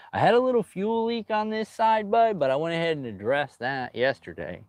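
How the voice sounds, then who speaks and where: A man restoring his boat outdoors rambles and jokes with his viewers, calling them dude constantly. His mid-range voice is sing-song and a little mellow, a bit fast, with no echo.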